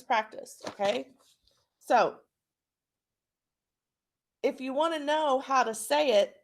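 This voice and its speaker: A woman teacher with an Oklahoma accent walks students through a phonics lesson. She talks slowly in a fairly high voice and repeats each word patiently so they can practice it.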